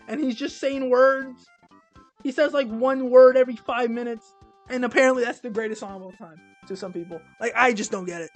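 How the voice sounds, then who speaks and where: A young man talking casually as he ranks albums, rambling and self-deprecating, with many halting restarts. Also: extremely high pitch. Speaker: music reviewer. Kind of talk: casual album ranking monologue.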